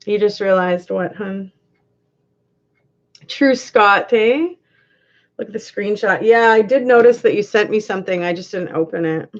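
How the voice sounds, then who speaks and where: A woman's voice: mid-range voice, unhurried, pauses often, muffled recording. A woman hosting a live stream, chatting casually, giggling and reading viewers' comments aloud.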